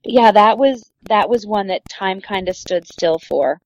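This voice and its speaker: A woman in her thirties, a comedian guest, telling lively anecdotes about her toddler and acting out the child's lines. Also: mid-range voice, unhurried, highs cut off. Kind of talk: storytelling chat.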